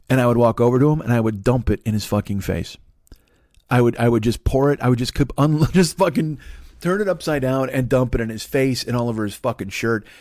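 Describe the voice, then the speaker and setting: A man's voice: medium pitch, darkish tone, no room sound, studio quality. A man in his forties telling a stand-up story, ranting with heavy profanity and acting out imagined confrontations. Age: 40s. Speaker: comedian.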